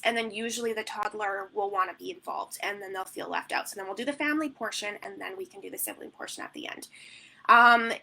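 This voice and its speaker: A woman's voice: medium pitch, fast, vocal fry, pushed and bright, poor audio. A woman newborn photographer answering questions in a live online Q&A, rambling and chatty with plenty of "like" and "um". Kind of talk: live Q&A teaching.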